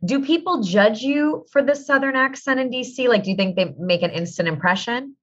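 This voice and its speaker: A woman's voice: a little high, brisk. A woman in her thirties hosting a podcast, chatting in a bubbly, playful, self-mocking way. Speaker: podcast host. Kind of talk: casual chat. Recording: dull lo-fi sound.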